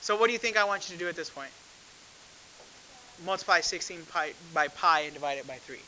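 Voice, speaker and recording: A man's voice: fairly high pitch, fairly quick, bright, forceful tone, slight background noise, rough recording. A man teaching a math class, talking conversationally and asking the class frequent questions. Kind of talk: classroom lecture.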